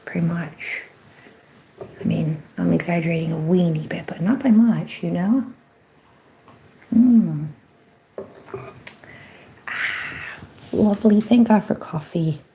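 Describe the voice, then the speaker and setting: A woman hosting a casual livestream, chatting to viewers, giving blessings and greetings, and often dropping into soft whispered asides. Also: lowish voice, slow, pauses often, slight background noise. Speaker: livestream host.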